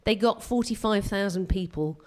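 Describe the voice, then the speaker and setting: A woman doing a live stand-up set on a theatre stage, self-mocking and excitable, tripping over her own restarts. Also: medium pitch, moderate pace. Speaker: stand-up comedian.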